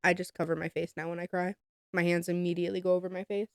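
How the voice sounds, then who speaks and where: A woman co-hosting a podcast, chatting casually in a soft, agreeable way. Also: on the low side, flat delivery, rapid-fire, gravelly, clear, resonant tone, dry recording, studio quality. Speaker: podcast co-host. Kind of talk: casual chat.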